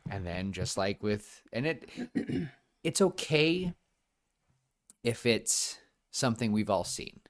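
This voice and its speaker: This young co-host has a fairly low, sing-song voice and takes his time, pausing often. In a casual podcast chat he sounds keen, rambling along with many restarts and fillers.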